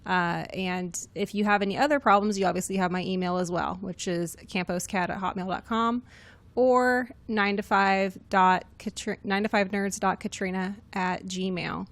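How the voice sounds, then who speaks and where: Woman co-hosting a podcast, brisk. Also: medium pitch, fairly even intonation. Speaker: podcast producer and co-host. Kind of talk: casual podcast chat.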